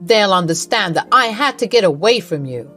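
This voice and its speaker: A woman's voice: mid-range voice, lively intonation, normal speed, fairly bright tone, soft background music, close to an everyday voice. A woman voicing a stern, cold husband. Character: wronged husband, adult man, cold and firm.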